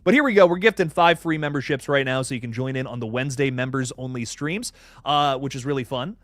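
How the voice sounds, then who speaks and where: A young adult man, hosting a casual live stream and chatting in an excitable, rambling way with many fillers. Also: medium pitch, fast talker, no echo. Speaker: horror news streamer.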